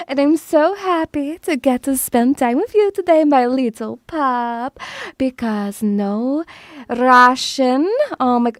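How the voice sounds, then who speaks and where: A woman's voice: very high-pitched, fairly bright tone, no room sound, studio quality. A woman streaming casually, bubbly and teasing, calling her viewers pet names. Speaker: VTuber streamer.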